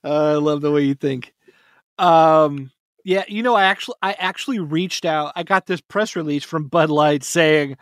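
A man's voice: fairly high pitch, no room sound, studio quality. A man hosting a casual sports podcast, jokey and upbeat. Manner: jokey, upbeat, quick laughs. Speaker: podcast host.

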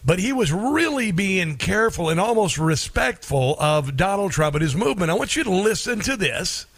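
A man's voice: high voice, sing-song, moderate pace, a bit bright. A middle-aged man hosting a talk radio show, rambling with many fillers. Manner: rambling, filler-heavy delivery.

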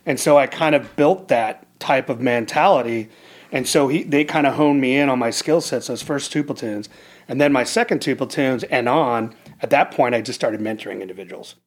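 A middle-aged American man at a medium pitch recounts his military past in relaxed conversation. He talks earnestly and reflectively, often doubling back to restart a phrase. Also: moderate pace. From United States. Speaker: former Navy SEAL officer, guest. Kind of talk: casual conversational storytelling.

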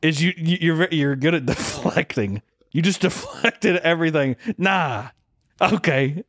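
A man's voice: a little high, measured pace, fairly bright tone. A young man co-hosting a podcast, telling a story in a casual, profane, jokey way. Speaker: podcast co-host.

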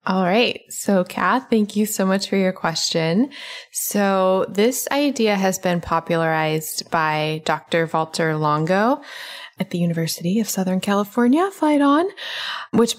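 A woman's voice: mid-range voice, moderate pace. A woman hosting a podcast, explaining ideas step by step in casual conversation. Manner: explanatory, lays out advice step by step. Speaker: podcast host.

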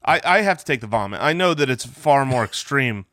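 A man co-hosting a comedy podcast in casual chat, talking in animated bursts with stammered restarts, on a remote call mic. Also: medium pitch, brisk, dry recording, clean studio sound. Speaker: podcast co-host.

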